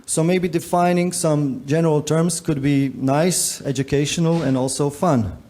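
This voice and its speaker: Relaxed man moderating a conference panel. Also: fairly high pitch, moderate pace. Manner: relaxed, joking, with frequent fillers. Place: conference stage.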